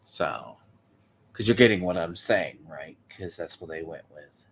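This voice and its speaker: A man's voice: low voice, animated, measured pace, gravelly, a little hiss or hum. A man hosting a reaction video, giving opinionated casual commentary and checking that his friend agrees. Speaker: video host reacting to a clip.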